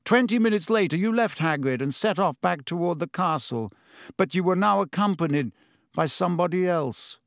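A man's voice: sits high, expressive, moderate pace, vocal fry, dry recording, clean studio sound, voice pushed up. A man voicing an impatient, intense middle-aged male wizard teacher in an audiobook reading. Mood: urgent. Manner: urgent, insistent, impatient.

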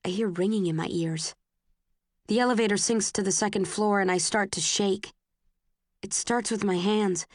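A woman reading a novel aloud in the first person, earnest and emotional, voicing the heroine's outbursts with sharp rises. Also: mid-range voice, no echo, clean studio sound. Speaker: audiobook narrator.

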